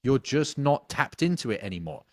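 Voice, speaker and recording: Blunt sales coach, dry sound. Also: male voice, mid-range voice, normal speed, no echo. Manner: blunt, swears casually, animated storytelling. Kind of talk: podcast interview answer.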